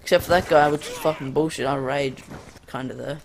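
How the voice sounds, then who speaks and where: A young-sounding Australian man talks over his gameplay footage in a loose, meandering way, stopping often for ums and restarting his thoughts. His voice sits a little higher than most men's, and a faint hiss runs under his cheap desk mic. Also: fairly even intonation, fairly quick, vocal fry. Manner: rambling, hesitant, full of ums. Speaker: gaming YouTuber. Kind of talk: gameplay commentary. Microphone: cheap USB condenser desk mic.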